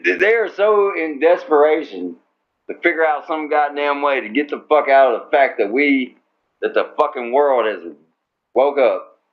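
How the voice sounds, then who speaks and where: A man's voice: a little high, expressive, normal speed. A man co-hosting a talk radio show, rambling crudely with constant swearing. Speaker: co-host. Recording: dull lo-fi sound.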